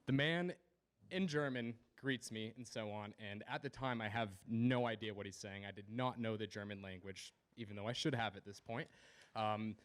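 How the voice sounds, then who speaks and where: A young man telling a personal story at a live community event in a measured, descriptive way. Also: on the low side. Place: small event stage.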